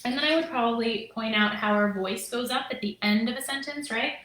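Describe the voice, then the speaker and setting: A woman's voice: fairly high pitch, fairly quick, a bit bright, roomy sound, low-quality recording. A woman in her thirties, a teacher, explaining lessons to the camera in a chatty, upbeat way. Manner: chatty and upbeat, lots of fillers and "right?". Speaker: teacher and curriculum creator. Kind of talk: casual teaching video, talking to camera.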